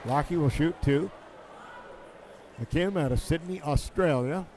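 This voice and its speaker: Excitable basketball play-by-play man, noisy feed. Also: fairly high pitch. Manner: excitable, calls plays in quick bursts. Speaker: play-by-play announcer. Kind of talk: live basketball commentary.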